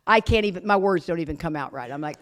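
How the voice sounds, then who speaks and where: A woman speaking to a live audience as a guest speaker, telling her story with blunt, self-mocking humor, laughing often and loudly acting out what people said. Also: lowish voice, quick pace. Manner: animated, laughs often, acts out quotes loudly. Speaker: guest speaker at a recovery retreat.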